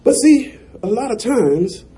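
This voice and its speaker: Pastor, male, very high voice, preaching with shouts and chuckles. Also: big pitch swings, unhurried, breathy edge. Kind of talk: sermon.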